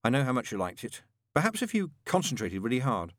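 A man's voice: mid-range voice, sing-song, quick pace, no echo, clean studio sound. A man reading aloud and voicing a genteel male angel with a prim, polite manner. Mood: earnest.

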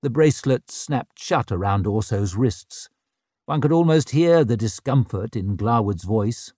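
Expressive male audiobook narrator, dry sound. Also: mid-range voice, unhurried, dry recording. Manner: expressive, wry storytelling. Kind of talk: scripted narration.

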